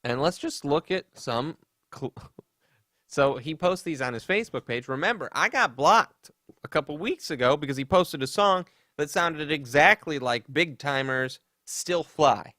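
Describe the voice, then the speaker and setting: A man's voice: fairly high pitch, lively intonation, unhurried, sharp tone, no echo, studio quality. A man hosting a comedy podcast, chatting casually and mockingly about online drama. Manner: sarcastic, mocking, with sassy put-on voices for quotes. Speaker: podcast host.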